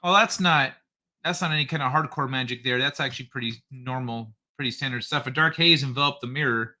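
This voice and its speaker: Bright-voiced man chatting on a livestream. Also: medium pitch, brisk. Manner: loose and profane, reads chat aloud and laughs often. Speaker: livestream host. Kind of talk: casual livestream chat.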